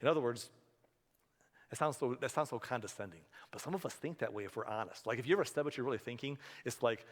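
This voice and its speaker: A man's voice: mid-range voice, quick pace. A man preaching a sermon as a pastor, in a conversational way, often acting out the voices of the people he talks about. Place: church sanctuary. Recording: church hall reverb.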